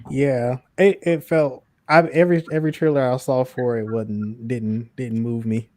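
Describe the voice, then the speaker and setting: A man's voice: mid-range voice, steady tone, normal speed, a little mellow, no echo. A man co-hosting a podcast in casual chat, laid-back, laughing easily and trailing off. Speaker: podcast co-host.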